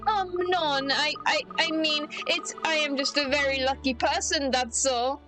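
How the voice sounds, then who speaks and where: A woman's voice: sits high, steady tone, unhurried, music in the background. Woman putting on a flustered, haughty Frenchwoman. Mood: defensive. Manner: flustered, protesting, clumsy French accent attempt.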